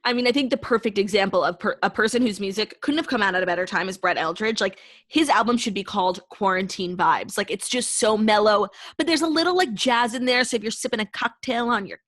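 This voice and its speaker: A woman's voice: medium pitch, fairly quick, few pauses, fairly bright tone, no room sound, clean studio sound. A young woman co-hosting a chatty podcast, gushing and peppering her talk with "like.". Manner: gushing, filler-heavy talk full of "like". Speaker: podcast co-host. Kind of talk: casual chat.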